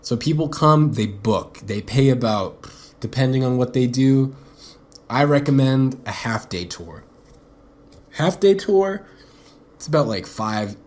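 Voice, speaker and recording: A man's voice: medium pitch, a little mellow. A young man hosting his own podcast alone, rambling off the cuff and swearing freely. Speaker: podcast host. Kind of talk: casual solo podcast monologue.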